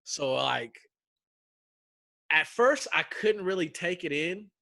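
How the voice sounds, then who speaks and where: A man's voice: a little high, expressive, slow, gravelly, bright, forceful tone, no echo, clean studio sound. A young man telling a survival story in casual chat, acting out quotes with slang and swearing.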